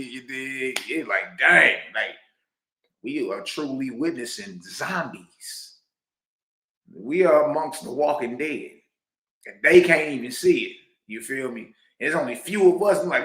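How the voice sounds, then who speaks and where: A man hosting a reaction video, talking loudly and excitedly, laughing often and dropping preacher-style asides. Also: mid-range voice, a little slow, reverberant. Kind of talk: animated commentary reacting to a clip.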